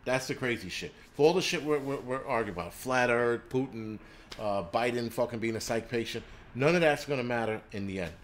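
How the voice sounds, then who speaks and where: Talking fairly quickly in a mid-range voice, an American man hosts a livestream where he rants heatedly, swears a lot, and keeps tripping over restarts. He reads the chat aloud and replies, with a bit of background noise present.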